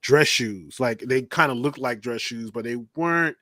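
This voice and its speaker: Bright-voiced man spinning energetic stories. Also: medium pitch, moderate pace, no room sound. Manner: energetic storytelling, acts out quoted voices. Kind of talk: casual chat.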